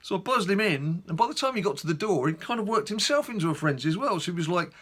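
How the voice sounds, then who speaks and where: Lively, bright-voiced dad vlogger. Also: male voice, sits high, rapid-fire, few pauses, slightly rough. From England. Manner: animated storyteller, rambling asides. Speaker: gaming YouTuber. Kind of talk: casual chatty vlog.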